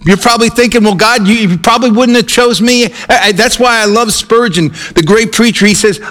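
A man preaching a sermon in a high, light voice. He talks earnestly, climbing into emphatic peaks and then stretching key phrases out slowly. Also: fairly bright tone. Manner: earnest, rising to emphatic peaks and slowing to drawn-out stresses.

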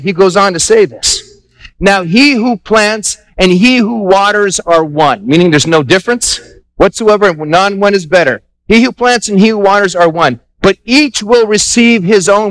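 A man pastor preaching a Sunday sermon, animated, acting out little dialogues and repeating himself for emphasis. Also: sits high, moderate pace, no echo, rough recording. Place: church sanctuary.

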